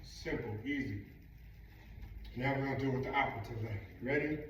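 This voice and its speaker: A man filming his knee rehab exercises, slightly winded, counting each rep aloud. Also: medium pitch. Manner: counting reps aloud, slow and deliberate. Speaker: vlogger recovering from knee surgery. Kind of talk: casual exercise vlog. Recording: roomy, distant camera mic with background noise.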